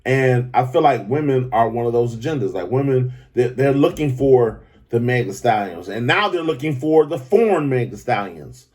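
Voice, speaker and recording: A man hosting a podcast, talking in a loose, profane, animated commentary style that keeps jumping up into excited high pitches. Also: normal speed. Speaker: podcast host. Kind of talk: casual commentary monologue.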